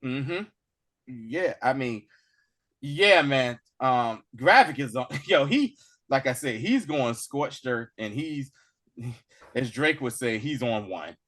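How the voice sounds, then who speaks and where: A man co-hosting a casual podcast episode review, slangy and animated, often acting out characters' lines. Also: mid-range voice, slow. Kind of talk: casual chat.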